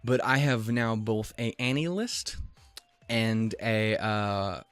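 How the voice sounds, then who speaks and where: A man's voice: lowish voice, slow pace, clear, resonant tone. A young man hosting an anime reaction channel, rambling casually, swearing often and laughing at himself, a little out of breath. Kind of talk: casual chat.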